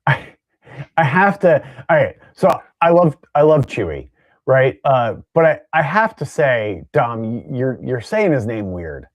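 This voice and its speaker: A mid-pitched man co-hosts a joking group chat, teasing his friend in a halting way full of fillers and restarts. His voice is dry and close, with no room sound. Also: sing-song, no echo. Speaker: co-host. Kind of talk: casual podcast banter.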